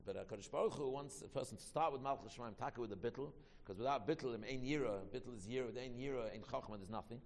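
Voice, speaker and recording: Fast gravelly man teaching in a hall. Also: mid-range voice. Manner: quick, repetitive, with many restarts. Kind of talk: Torah class teaching.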